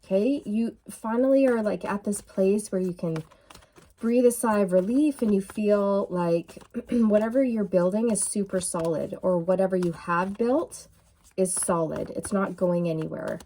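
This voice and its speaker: A woman giving a casual, excitable tarot reading to her viewers, full of fillers and restarts, with a frog in her throat. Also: mid-range voice, measured pace. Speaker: tarot reader. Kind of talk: intuitive tarot reading to camera.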